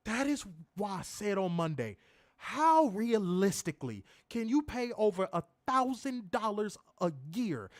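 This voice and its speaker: Excitable young man, laughing, slangy. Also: high voice, no room sound, clean studio sound. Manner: excitable, laughs often, slangy, repeats phrases. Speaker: wrestling show reviewer. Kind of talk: casual live-stream commentary reading chat.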